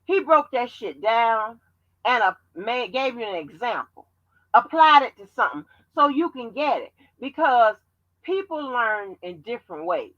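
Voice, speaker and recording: A woman hosting a livestream, talking bluntly and profanely in animated commentary. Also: on the high side, a little slow, dry recording, highs cut off. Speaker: channel host.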